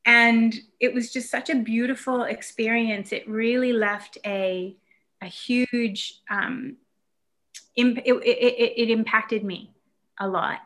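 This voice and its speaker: A woman from the United States tells a personal story in easy conversation. Her voice is bright and forward, and she circles back with restarts and "um"s as she remembers. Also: fairly high pitch, fairly even intonation, slow pace. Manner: warm, reflective storytelling with fillers and restarts. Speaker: guest telling a childhood story. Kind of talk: casual conversation.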